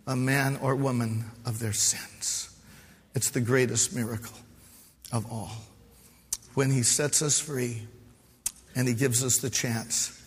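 Husky male pastor, earnest sermon, calls out to the congregation, long hall reverb, faint music behind. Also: medium pitch. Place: church hall.

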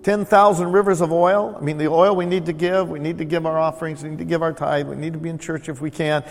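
Male pastor, sermon, fairly high voice, repeats words for emphasis, long hall reverb, faint music behind. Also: level tone, fast, vocal fry. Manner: warm, conversational preaching with repeated emphasis. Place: church sanctuary.

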